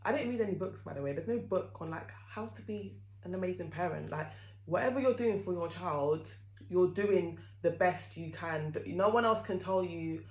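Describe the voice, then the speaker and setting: A woman's voice: lowish voice, normal speed, a little mellow. A young woman talking candidly to camera as a vlogger, chatty and open, with lots of fillers. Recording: echoey room.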